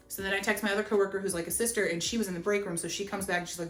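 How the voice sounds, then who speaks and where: A young woman rattles through a storytime vlog, animated and chatty and full of "like". Her voice sits at an everyday middle pitch. She records in a roomy, echoing space with soft music playing underneath. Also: racing, hardly any pauses. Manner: animated, chatty, heavy use of "like". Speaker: vlogger. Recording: roomy echo, faint music. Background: faint background music.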